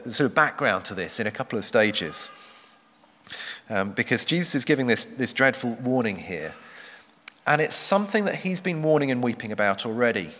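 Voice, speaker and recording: Male pastor, sermon delivery, earnest, deliberate pauses, bright tone, long church reverb. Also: mid-range voice. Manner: earnest, measured, slows for emphasis. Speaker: preacher.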